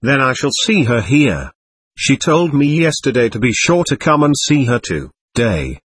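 A man's voice: medium pitch, very animated, measured pace, fairly bright tone, slightly rough, no echo, heavily acted. A man reading aloud, voicing an earnest, polite young man. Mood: eager.

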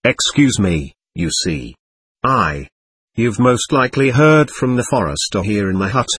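A man's voice: fairly low pitch, animated, measured pace, a bit bright, husky, no room sound, exaggerated voice. A man reading a frantic pleading young lieutenant. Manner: breathless, pleading, agitated. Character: desperate young male army lieutenant, frantic.

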